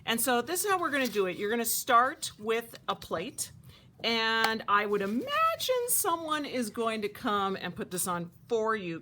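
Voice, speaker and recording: Woman, camp art teacher, craft demo for kids, chatty and animated, sharp bright tone. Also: mid-range voice, slight background noise. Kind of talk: craft demonstration for children.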